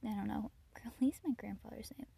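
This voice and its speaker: A chatty teenage girl talks on her own podcast, her voice a bit higher than most women's and mellow in tone. She gushes and scatters "like" through her sentences. The sound is dry and close. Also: steady tone, moderate pace, vocal fry, husky, no room sound. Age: teens. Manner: chatty and gushing, with frequent "like" and soft laughs. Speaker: podcast host. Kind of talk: casual solo podcast chat.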